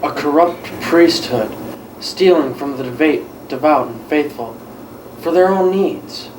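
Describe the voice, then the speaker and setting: A man's voice: a little high, measured pace, a little mellow, recorded from a distance, close to an everyday voice. An actor playing an earnest, analytical young male gamer, heard in an echoey, noisy room from afar. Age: young adult.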